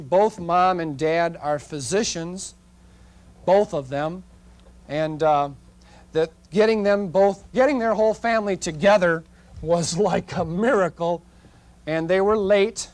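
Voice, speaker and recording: A middle-aged man teaching portrait photography at a live seminar, telling chatty, folksy stories about his shoots and talking straight to the audience. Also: high voice.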